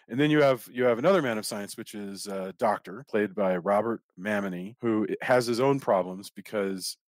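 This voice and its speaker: A middle-aged man with a low voice chats about a film on his podcast. He rambles, restarts and circles back on his words. The sound is close and dry. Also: no room sound. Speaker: podcast host. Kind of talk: casual film discussion.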